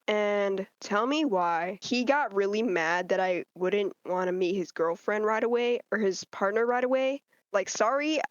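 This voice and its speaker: A teenage girl telling a story as a podcast guest in casual chat, animated and acting out what people said. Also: mid-range voice, dry recording, highs cut off. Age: teens. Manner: animated, quotes people in changing voices.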